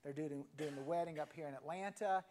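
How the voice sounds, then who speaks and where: A pastor in his 50s with a slightly high voice preaches in a relaxed, conversational way. After telling a story, he pauses and lets key phrases trail off into a soft near-whisper.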